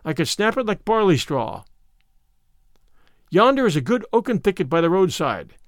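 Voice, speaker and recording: A man's voice: high-pitched, big pitch swings, normal speed, no room sound, studio quality. A man voicing a bold outlaw who speaks with mock courtesy and turns stern.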